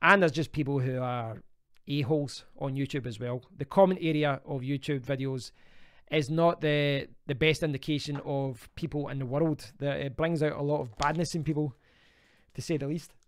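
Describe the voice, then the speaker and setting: A man's voice: a little high, moderate pace, smooth, no echo. A Scottish man in his thirties, hosting a casual live stream from home and chatting as he answers viewer comments. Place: home in Spain.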